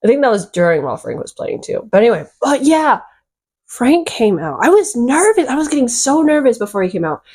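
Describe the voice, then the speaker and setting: A woman vlogger telling a rambling, excitable storytime, full of fillers and little giggles. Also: a little high, a little fast, breathy edge. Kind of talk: casual storytime chat.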